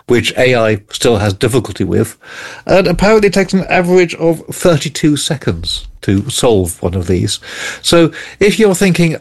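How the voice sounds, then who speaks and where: A man co-hosting a radio show, presenting gadget stories in an easy chatty way with quick jokes. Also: a little high, lively intonation. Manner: chatty, explains then jokes and laughs. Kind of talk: casual radio chat. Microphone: studio mic.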